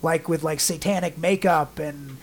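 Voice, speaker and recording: A man's voice: on the high side, steady tone, moderate pace. A man co-hosting a laid-back podcast, spinning long, rambling anecdotes. He talks loosely and casually, in a natural conversational way. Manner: rambling storyteller, acts out quotes in mock voices. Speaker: podcast co-host.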